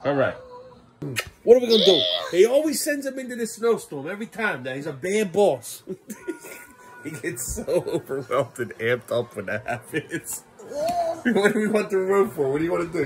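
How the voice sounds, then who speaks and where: Male parent vlogger at home; exasperated, half-laughing; slightly high, very animated delivery. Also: noisy background. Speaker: father filming his kids. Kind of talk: casual home vlog. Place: family home.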